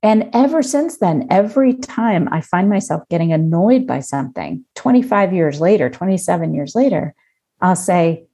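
Lively woman in her fifties, mellow low voice. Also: moderate pace. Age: 50s. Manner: lively storyteller who acts out her own past thoughts. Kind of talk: casual conversation, personal anecdote.

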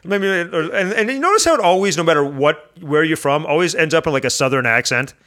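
A man chatting as a podcast guest, an animated storyteller whose voice jumps high when excited. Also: brisk. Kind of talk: casual chat.

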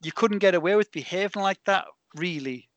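A British man hosts a podcast in a slightly high, animated voice. He rambles through stories, full of fillers and restarts. The sound is dry and close. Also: brisk, no echo, lo-fi sound. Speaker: podcast host. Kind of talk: casual chat.

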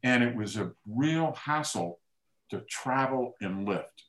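A man's voice: mid-range voice, slow. A man hosting a casual chat, telling stories and acting out the quoted dialogue. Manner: lively anecdote teller, acts out quoted dialogue. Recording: roomy echoey room.

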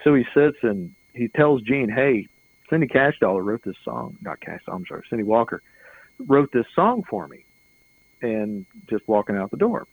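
A man's voice: on the low side, sing-song, normal speed, vocal fry, slightly rough, dry recording, narrow, tinny audio. A middle-aged man telling a long anecdote in an interview, rambling and chuckling, often repeating words as he goes. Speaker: interview guest. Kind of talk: casual anecdotal storytelling.

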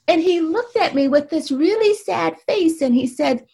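A woman's voice: very high voice, moderate pace, gravelly, hardly any pauses, dark tone. A woman researcher and mother, a guest in an interview, explaining at length and often checking in with "right?" and "you know".

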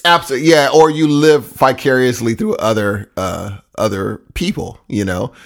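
A man co-hosting a casual podcast, rambling and enthusiastic, quick to laugh. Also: mid-range voice, expressive, creaky. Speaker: podcast co-host.

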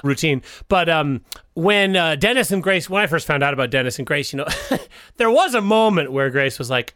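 A man's voice: a little high, animated, moderate pace, fairly bright tone, clear, resonant tone, dry recording, clean studio sound. A man co-hosting a comedy podcast, joking and improvising with silly voices. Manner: jumps between silly put-on voices and mock drama.

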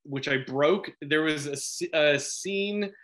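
A middle-aged man from Chicago, an actor chatting in an interview, animated and quick to laugh, with lots of restarts. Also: a little high. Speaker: actor guest. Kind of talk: casual interview chat.

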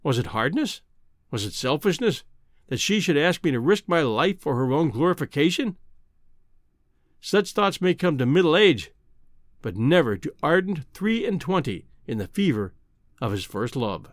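A man narrating an audiobook in measured storytelling fashion. His pitch swings widely and sits a little high. The recording is dry and close to the mic. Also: sing-song, dry recording. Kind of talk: scripted narration.

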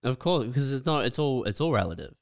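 A man's voice: medium pitch, big pitch swings, brisk. A man co-hosting a comedy podcast, laid-back, laughing often and saying man a lot. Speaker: podcast co-host. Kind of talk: casual comedic chat.

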